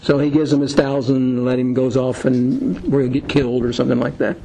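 A man's voice: medium pitch, fairly even intonation, fairly quick, creaky, warm tone, slight background noise, rough recording. A man leading a Bible study lesson in a conversational, rambling way, with many fillers and film scenes retold as illustrations.

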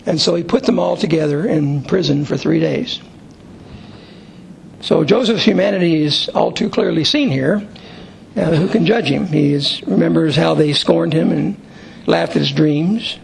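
A man's voice: fairly high pitch, expressive, normal speed, gravelly, slight background noise, low-quality recording. A man leading a Bible study, reading scripture aloud and then explaining it to a small group in a conversational way. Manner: conversational and explanatory, with occasional fillers.

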